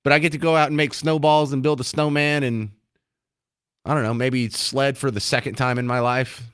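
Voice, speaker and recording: Man, radio host, sarcastic, self-deprecating, mid pitch, dry close mic. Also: level tone, moderate pace, fairly bright tone, smooth, no room sound. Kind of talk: casual radio talk.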